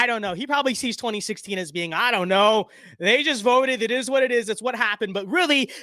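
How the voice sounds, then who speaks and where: A man's voice: high voice, sharp tone, dry recording, studio quality. A young man reacting to an article on a livestream, talking casually, rambling and sarcastic, often restarting his sentences. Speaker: political commentator streaming.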